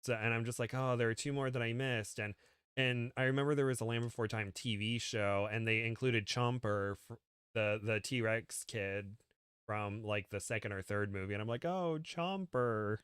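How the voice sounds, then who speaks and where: A man's voice: fairly low pitch, level tone, normal speed, fairly bright tone, clean tone, dry recording, studio quality. Rambling, laughing man in casual chat. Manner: rambling, laughs often, slips into silly voices. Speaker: guest co-reader.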